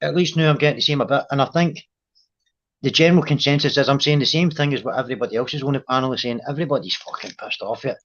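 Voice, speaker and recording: A man's voice: medium pitch, rapid-fire, a bit bright, muffled recording. A man on a video call, explaining himself earnestly in casual chat and swearing freely. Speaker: panel guest.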